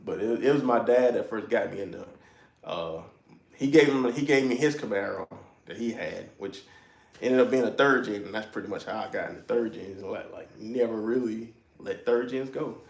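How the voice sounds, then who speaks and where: A man's voice: on the low side, normal speed, creaky, echoey room. A man with a South Carolina accent, hosting a casual garage livestream in a laid-back, chuckling way with folksy slang. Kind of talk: casual live-stream chat. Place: home garage.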